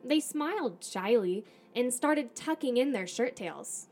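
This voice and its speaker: A woman podcast host reading a children's storybook aloud in the first person, animated, with acted dialogue. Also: on the high side, a little slow, soft background music.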